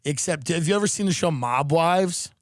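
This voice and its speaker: Higher-voiced man, rambling and deadpan. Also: moderate pace, dry recording, studio quality. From United States. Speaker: podcast host. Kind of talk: casual comedic chat. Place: his room.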